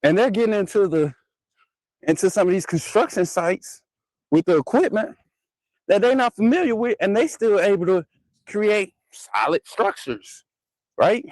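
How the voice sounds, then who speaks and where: A man's voice: high-pitched, animated, normal speed, darkish tone, no echo, poor audio. Chatty man hosting a live show. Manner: chatty, laughs often, talks straight to viewers. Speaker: host of a live sports talk show. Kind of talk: casual live-stream chat.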